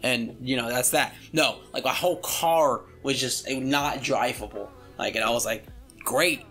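A man's voice: medium pitch, moderate pace, fairly bright tone. A young man hosting his channel and telling a story in a casual, rambling way, full of fillers and casual swearing.

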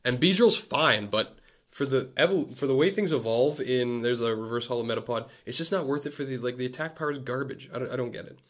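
A man from Canada chatting through a casual card-opening vlog, talking close to his phone and cracking jokes between excited outbursts. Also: medium pitch, brisk, faint music behind. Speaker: vlogger. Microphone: phone held close.

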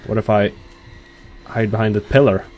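A man's voice: fairly low pitch, fairly even intonation, normal speed, darkish tone, faint music behind. A young man giving nervous commentary on a horror game, swearing and talking to himself and to the characters. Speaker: gamer. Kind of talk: horror let's play commentary.

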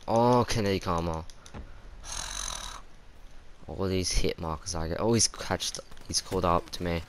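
A man giving chatty live commentary over his own shooter match, reacting out loud to every kill and death. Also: deep voice, slow, gravelly, a little hiss or hum. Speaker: gaming YouTuber.

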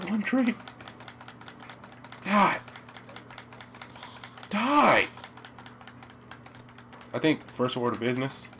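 A young American man with an American accent, chatting and rambling while playing a video game, breaking into loud yelps. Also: medium pitch, a little hiss or hum. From United States. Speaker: let's play gamer. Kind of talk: game commentary.

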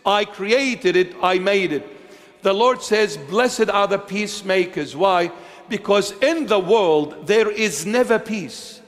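Slow, emphatic preaching from a high-pitched man acting as a bishop, full of rhetorical questions and swings between hushed and loud lines. A long reverb tail follows his words.

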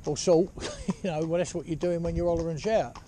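A man's voice: on the high side, steady tone, a little fast. A man who trains horses, giving casual spoken advice as he drives a carriage, rambling along with "you know" and "yeah?". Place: outdoors on a horse-drawn carriage. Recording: outdoor noise with hoof clip-clop.

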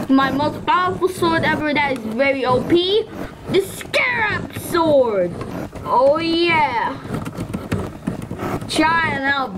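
A woman hosting a gaming video, giving excitable commentary with frequent shrieks and exclamations. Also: extremely high pitch. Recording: loud background noise.

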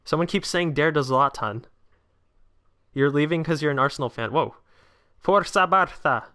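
Speaking at a moderate pace in a smooth, slightly high voice, a nineteen-year-old livestream host chats with his audience and reads their comments out. He answers chat readily and gets excited when big chances come up.

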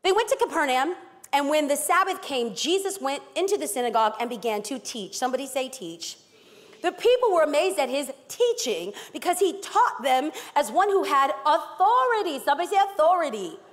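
A woman's voice: high voice, sing-song, fairly quick, hardly any pauses. A woman pastor from East Los Angeles preaching a sermon, emphatic and dramatic with playful asides. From East Los Angeles, California. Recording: long hall reverb.

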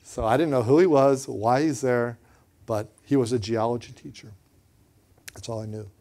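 A man preaching and telling a personal story in a lively way, often repeating words and acting out what others said. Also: medium pitch, normal speed. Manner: animated, repeats words, acts out quotes. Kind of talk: storytelling sermon.

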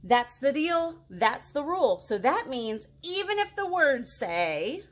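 A woman's voice: high voice, very animated, takes it slowly. A woman librarian leading a children's storytime, reading a silly book aloud with mock outrage and silly noises. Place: home, kids outside.

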